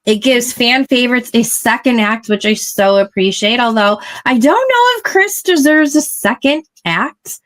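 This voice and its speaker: A woman hosting a casual chat show, explaining things in a measured way. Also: fairly high pitch, lively intonation, a bit bright. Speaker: podcast host.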